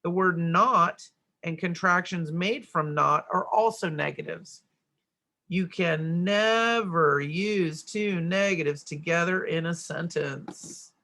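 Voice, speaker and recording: A middle-aged woman walks through a grammar worksheet lesson, explaining each answer step by step and often checking in with "right?". Her voice has a gravelly edge and a bright, forceful tone. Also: lowish voice, slow. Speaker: teacher.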